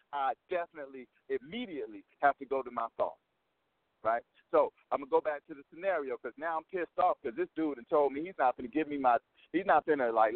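A man's voice: medium pitch, dry recording. A man who works as a motivational coach, telling a story in an interview in an emphatic way, repeating his points and checking in with the listener. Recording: dry phone-line sound.

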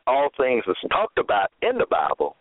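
A man preaching a radio sermon, slow and emphatic, repeating himself and asking rhetorical questions. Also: medium pitch, huge pitch swings, no echo. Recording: tinny phone-like radio audio.

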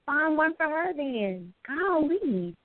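A woman's voice: sits high, sing-song, takes it slowly, no echo. A woman co-host in casual chat, playfully needling a friend. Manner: playful, needling, bossy teasing. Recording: tinny phone-like line.

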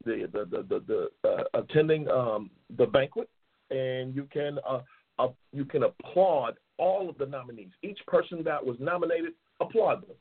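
A man's voice: mid-range voice, expressive, moderate pace, husky. Angry profane man on a tinny line. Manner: angry, profane, repetitive ranting. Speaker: talk show host. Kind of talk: profane ranting monologue. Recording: tinny phone-line audio.

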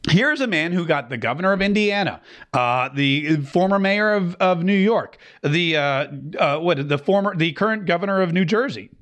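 A man's voice: sits high, animated, normal speed, fairly bright tone. A man hosting an opinionated political show, talking in a sarcastic, mocking way with many asides. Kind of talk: opinionated commentary.

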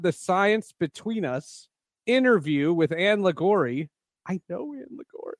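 A man's voice: on the high side, no room sound, clean studio sound. A man hosting a podcast, chatting casually and joking with his co-host. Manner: joking, quick banter.

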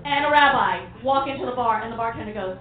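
Speaking fast in a slightly high voice, a New York City woman from New City works a comedy club stage with a brassy, playful, crowd-teasing stand-up set. Slight background noise sits under the echoey, phone-like recording as the audience laughs.

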